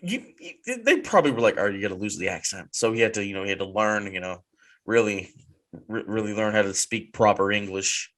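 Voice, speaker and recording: A man co-hosting a wrestling podcast in casual chat, animated and quick to repeat himself when he gets going. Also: lowish voice. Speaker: podcast co-host.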